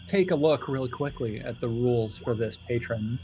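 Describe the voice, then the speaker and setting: A man's voice: mid-range voice, moderate pace, warm tone, lo-fi sound, a little hiss or hum. A man narrating as game master in a loose, chatty way.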